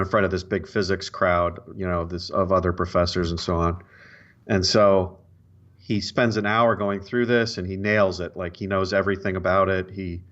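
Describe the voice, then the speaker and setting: A man's voice: low voice, a bit bright, lo-fi sound. A man co-hosting a podcast, a dry, joking storyteller who halts and restarts. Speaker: podcast co-host. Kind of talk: casual chat and joke telling.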